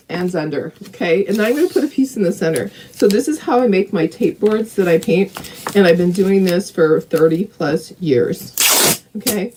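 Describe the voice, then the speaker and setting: A woman's voice: medium pitch, very noisy. A middle-aged woman hosting a casual live craft painting tutorial, chatting and greeting viewers by name.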